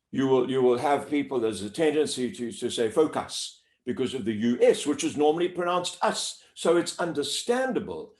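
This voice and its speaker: A man working as a voice coach, explaining pronunciation in an interview with a clear, deliberate teacher's delivery and drawing out sounds to demonstrate them. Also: mid-range voice, darkish tone. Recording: echoey room.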